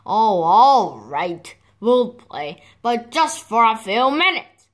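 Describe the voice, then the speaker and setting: A woman voicing a cranky fox who is raising a brood of chicks, curt and gruff. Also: fairly high pitch, expressive, slow pace, fairly bright tone. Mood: grudging.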